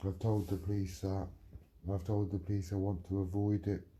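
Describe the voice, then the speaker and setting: A man's voice: deep voice, flat delivery, moderate pace, dark tone. A middle-aged man on a livestream, ranting angrily and threatening someone while answering chat, with a lot of swearing.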